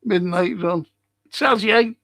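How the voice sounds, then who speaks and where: A man's voice: high-pitched, takes it slowly, fairly bright tone, dry recording. A man hosting a football fan live stream, rambling casually and swearing now and then as he reads out and answers viewer comments. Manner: rambling and chatty, wanders off topic.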